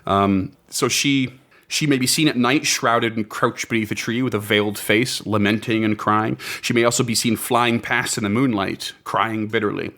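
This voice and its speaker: A man's voice: fairly low pitch, steady tone, normal speed, fairly bright tone. A man hosting a casual podcast, reading out folklore notes with enthusiasm and laughing often. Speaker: podcast host.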